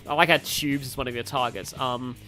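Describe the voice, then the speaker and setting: A man's voice: mid-range voice, fairly even intonation, fairly quick, music in the background. A man giving casual, rambling, jokey commentary while playing a video game. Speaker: gaming YouTuber. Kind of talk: casual let's-play commentary.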